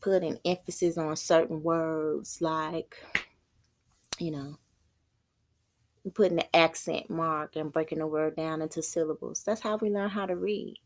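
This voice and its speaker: Woman prophetess, low voice, slow halting delivery, casual preaching. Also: steady tone. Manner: halting, repeats words, thinking aloud. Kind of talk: informal religious teaching.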